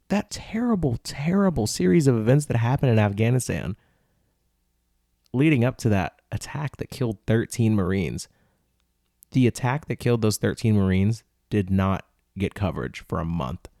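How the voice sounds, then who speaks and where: A man's voice: on the low side, animated, moderate pace, mellow, no room sound, clean studio sound. A young man hosting a podcast, reading tweets aloud and ranting about them in an incredulous, casual way, sometimes putting on mock voices. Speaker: podcast host.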